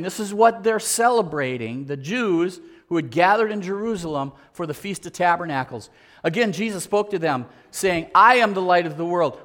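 Emphatic male preacher, higher-pitched. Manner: repetitive, emphatic preaching with rhetorical questions. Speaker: pastor. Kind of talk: sermon.

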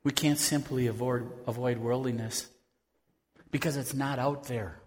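A man's voice: medium pitch, steady tone, unhurried. Man preaching in a reverberant hall. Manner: conversational preaching, swings from loud to hushed. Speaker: pastor. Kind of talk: sermon.

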